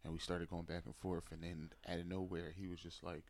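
A man's voice: sits low, monotone, fairly quick. A man in casual podcast chat who tells blunt stories and swears freely.

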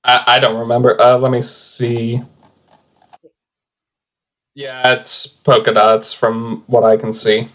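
A man's voice: mid-range voice, level tone, takes it slowly, pauses often, a bit bright, poor audio. A man co-hosting a casual podcast over an online call, mostly chiming in with short reactions and dry jokes. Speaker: podcast co-host. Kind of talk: casual chat.

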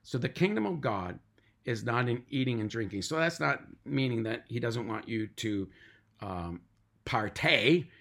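A man's voice: mid-range voice, sing-song, moderate pace, gravelly. A middle-aged man, a pastor, giving an emphatic podcast sermon and repeating lists of words for weight.

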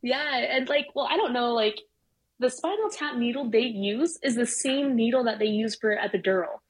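A middle-aged woman telling a personal story in casual chat, animated and swearing freely. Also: fairly high pitch, normal speed, a crowd in the background, poor audio. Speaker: guest.

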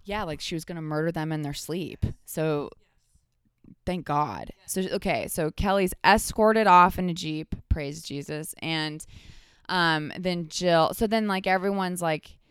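Smooth, lower-pitched woman chatting as a guest. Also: unhurried, no room sound, clean studio sound. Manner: animated storytelling, many "like" fillers. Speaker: podcast guest. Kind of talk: casual chat.

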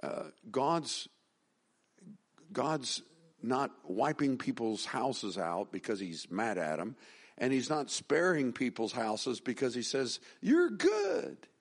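A man's voice: medium pitch, animated, slow pace, husky. A middle-aged man preaching a sermon as pastor, talking in a conversational, folksy way, with restarts and rising emphasis.

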